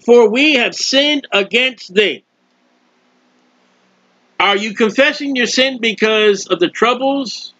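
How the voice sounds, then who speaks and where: A man's voice: high voice, a bit bright, no room sound. A male preacher giving an impassioned sermon and acting out prayers, in a dull lo-fi recording. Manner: impassioned, acts out prayers and quotes.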